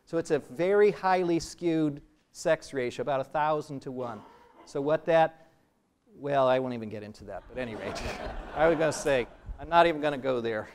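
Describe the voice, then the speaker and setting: An older man, a biology professor, giving a public lecture and answering audience questions with relaxed, self-deprecating asides. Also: a little high, moderate pace, a little hiss or hum. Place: lecture hall.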